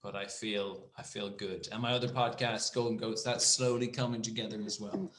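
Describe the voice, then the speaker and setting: A man's voice: on the low side, steady tone, moderate pace, background noise. A man co-hosting a podcast, chatting casually in a rambling, jokey way. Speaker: podcast co-host. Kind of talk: casual chat. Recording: roomy echo.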